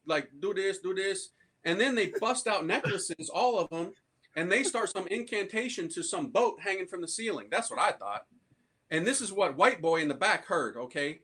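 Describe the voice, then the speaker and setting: A man's voice: sits high, bright, forceful tone, husky. A man telling a personal story in slangy, street-style speech, acting out the voices of the people he quotes and laughing often. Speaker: priest telling his conversion story. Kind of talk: animated storytelling talk.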